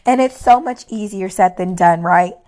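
A woman with a hoarse, worn voice, giving casual faith-based encouragement to viewers and repeating her key lines for emphasis. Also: mid-range voice, normal speed, mellow. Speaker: faith-based motivational speaker.

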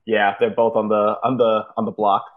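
A man's voice: fairly low pitch, level tone, moderate pace, narrow, tinny audio. A man co-hosting a casual sports podcast, blunt and matter-of-fact, with some swearing. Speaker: podcast co-host.

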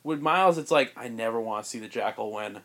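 A man hosting a podcast, casually pitching a film plot in a rambling way, full of "like" and restarts. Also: fast, a bit bright. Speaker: podcast host.

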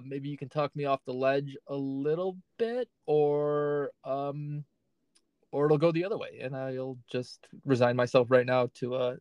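A man's voice: mid-range voice, a little mellow, clear, resonant tone, no room sound. Guy casually chatting on a podcast, keeps saying right? and like, dry close mic, mid voice. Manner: conversational, hedging with "right?" and "like". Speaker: fantasy football podcast co-host. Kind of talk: casual chat.

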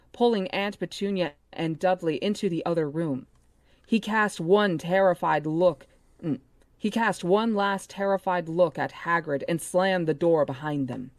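A woman co-hosting a book club podcast, reading a novel aloud with steady narration and chatting with curious questions. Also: lowish voice, dry recording. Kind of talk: reading a novel aloud, then casual chat.

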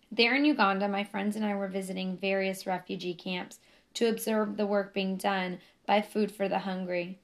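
Woman narrator, memoir reading, earnest, emotional, mid-pitched voice. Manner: earnest, emotional, building to intensity. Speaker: narrator reading her own book.

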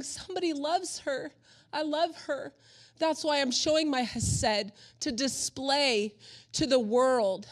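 Earnest, emotional woman pastor preaching. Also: on the high side. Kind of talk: sermon.

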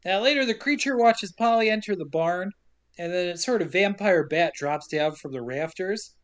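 A woman's voice: fairly low pitch, lively intonation, moderate pace. A woman co-hosting a podcast, recapping a movie in casual chat with a sarcastic, joking manner. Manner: sarcastic, acts out characters in quotes. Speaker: podcast co-host.

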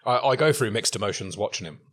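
Husky man, lively pitch. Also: quick pace. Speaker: podcast co-host. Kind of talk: casual chat.

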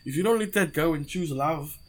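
A young man with a South African accent, a podcast guest telling stories in a loose, animated way, laughing often and swearing freely. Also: a little high, fairly quick. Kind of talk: casual storytelling.

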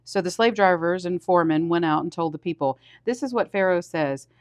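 A man, a pastor, reading scripture aloud steadily with small restarts, and getting louder on the commands. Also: sits high, a little fast, no echo, clean studio sound.

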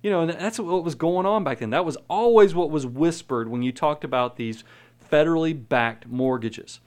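A man's voice: fairly high pitch, normal speed, a little mellow. A man from the United States hosting a money show, giving an emphatic, rambling opinion talk full of restarts. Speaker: podcast host, money manager. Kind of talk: casual opinionated monologue.

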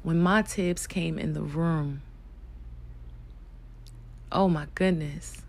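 Slow, gravelly-voiced woman telling a story. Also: low voice, fairly even intonation. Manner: soft-spoken, hesitant, with many fillers and restarts. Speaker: vlogger sharing a personal story. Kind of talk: casual personal storytelling.

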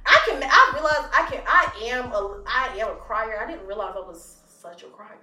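A woman's voice: on the high side, lively intonation, moderate pace, bright, forceful tone. A young woman in her twenties co-hosting a podcast, chatting casually and acting out her own reactions with laughter. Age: 20s. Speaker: podcast co-host. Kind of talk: casual chat. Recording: roomy, distant from the mic.

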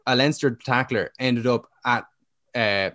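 A man with an Irish accent co-hosting a casual sports podcast from home, rambling and getting animated when he argues a point. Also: mid-range voice, a little slow, no echo, studio quality. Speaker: podcast co-host. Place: home, cats around.

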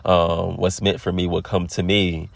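A man in his late twenties hosting a casual motivational podcast, talking in a relaxed, affirming way and repeating phrases for emphasis. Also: low-pitched, a little slow, creaky, no room sound. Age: 20s. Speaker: podcast host.

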